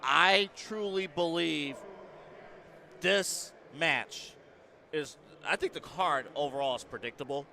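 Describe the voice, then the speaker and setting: A man's voice: on the high side, gravelly, sharp tone, slight background noise. A man co-hosting a wrestling podcast, leading the segments in casual, emphatic chat. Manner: leads segments, deliberate and emphatic. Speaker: podcast co-host.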